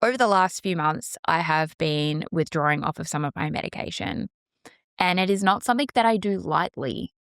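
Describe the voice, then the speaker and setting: A woman's voice: deep voice, expressive, normal speed, vocal fry, fairly bright tone, no echo, studio quality. A woman hosting her own podcast, talking candidly and passionately in a solo monologue. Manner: earnest, emphatic, passionate. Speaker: podcast host.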